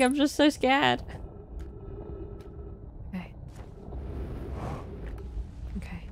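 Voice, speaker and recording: A woman's voice: high voice, sing-song, slow pace, long pauses, noisy background. A woman playing through a video game, reacting with jumpy exclamations, sudden swearing and talk about being scared. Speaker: let's play host. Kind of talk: gameplay commentary. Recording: game music loud behind voice. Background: game music and sound effects.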